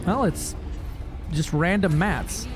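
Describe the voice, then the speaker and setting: A man's voice: sits high, slow pace, soft background music. A man streaming a space game, chatting casually with viewers in a joking, profane way. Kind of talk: casual gaming livestream chat.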